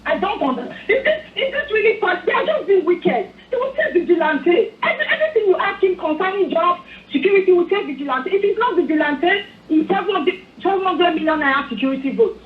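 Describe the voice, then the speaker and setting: High-pitched Nigerian woman on phone. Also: sing-song, quick pace. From Edo State, Nigeria. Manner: angry, pleading, repetitive. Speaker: phone-in caller. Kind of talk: impassioned political commentary. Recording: echoey tinny phone line.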